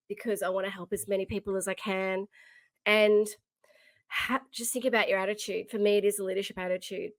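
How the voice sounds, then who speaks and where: A woman's voice: medium pitch, no room sound. A middle-aged woman hosting a motivational leadership podcast, talking in a heartfelt, emphatic way and repeating her key phrases. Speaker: leadership coach and podcast host.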